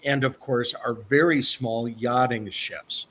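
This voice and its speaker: Upbeat Midwestern man pitching cruises. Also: steady tone, takes it slowly, fairly bright tone, slight background noise. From American Midwest. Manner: upbeat, sales-style pitch with fillers. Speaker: cruise line representative. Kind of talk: presentation to an online audience.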